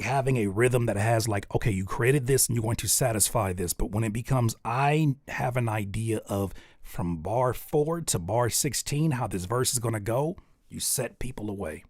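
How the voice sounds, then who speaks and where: A man hosting a music feedback show, breaking down rhythm and delivery in a coaching way. He thinks aloud and hunts for the right word mid-sentence. His voice sits at an ordinary pitch and sounds dry, with no room echo. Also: darkish tone. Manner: thinks aloud, searching for words and restarting; analytical, coaching tone. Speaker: music reviewer. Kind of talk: casual spoken feedback.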